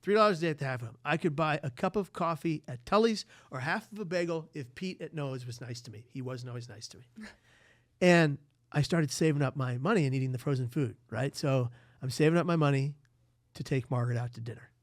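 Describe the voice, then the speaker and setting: A man from the United States tells a story as a podcast guest, lively and quick with asides. His voice sits fairly high, and he slips into the voices of people in the tale. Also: no room sound, studio quality. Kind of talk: animated storytelling in conversation.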